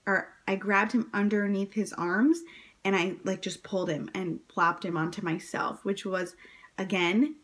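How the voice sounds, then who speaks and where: A woman vlogger telling her birth story to camera in a casual, chatty way, full of "like" and "um", jumping up high when she quotes herself and others. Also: steady tone, unhurried, a bit bright. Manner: chatty, many fillers, acts out quotes in a high voice.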